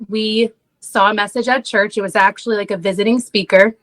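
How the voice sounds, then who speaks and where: A woman's voice: mid-range voice, steady tone, brisk, a bit bright, rough recording. Chatty woman telling a story. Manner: chatty, says "like" often, laughs at herself. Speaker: podcast guest. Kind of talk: casual storytelling interview.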